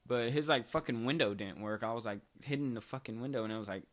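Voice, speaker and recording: A young man tells a story straight to his audience in a loose, rambling way. He swears freely and leans on "like" between nearly every phrase. His voice sits at an ordinary, mid-range pitch for a man. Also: quick pace. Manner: rambling, profane, filler-heavy "like". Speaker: vlogger. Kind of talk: casual storytime.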